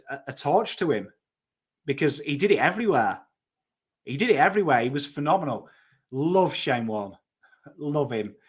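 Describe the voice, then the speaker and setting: Slightly high with a fairly bright tone, the voice belongs to a cricket YouTuber in his thirties from Northern England. In a Yorkshire accent he chats casually and with enthusiasm about cricket, not mincing words and swearing a bit.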